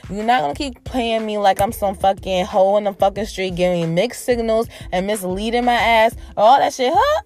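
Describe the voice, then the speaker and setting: A woman hosting her own podcast, talking to her listeners in a brash, profane, animated way. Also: medium pitch, fairly quick, hardly any pauses. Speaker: podcast host. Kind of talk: casual solo podcast chat.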